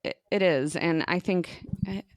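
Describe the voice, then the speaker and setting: A woman's voice: lowish voice, a little slow, no room sound, studio quality. A young American woman co-hosting a podcast, chatting casually with lots of "like" and free swearing. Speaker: podcast co-host. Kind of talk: casual chat.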